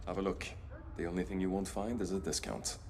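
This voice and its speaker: An actor playing a brisk male space station vendor in a game, with a German accent and a curt, businesslike manner. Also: deep voice, steady tone, darkish tone, slight background noise. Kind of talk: game character voice lines.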